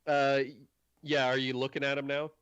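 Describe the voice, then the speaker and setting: A man's voice: mid-range voice, little pitch movement, normal speed, fairly bright tone, clean tone, no echo, muffled recording. A man narrating as game master, casual and full of fillers. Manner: casual, filler-heavy, laughs often.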